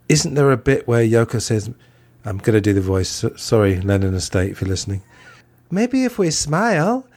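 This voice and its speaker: A man's voice: fairly low pitch, darkish tone. A man hosting a podcast, chatting in a reflective way and giving frank opinions. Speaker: podcast host. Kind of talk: casual podcast discussion.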